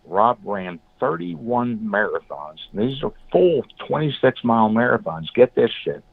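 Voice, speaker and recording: A man guest in an interview, telling blunt, animated stories and acting out what others said. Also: mid-range voice, measured pace, creaky, no room sound. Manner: blunt, animated storyteller, acts out quotes. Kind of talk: storytelling in an interview. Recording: phone-like, dry call audio.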